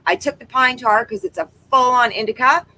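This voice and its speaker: A woman's voice: sits high, brisk, sharp tone, poor audio. A woman co-hosting a casual livestream from her backyard, chatting and reading viewer comments aloud. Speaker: co-host of a livestream. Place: outdoors in a backyard. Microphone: laptop microphone.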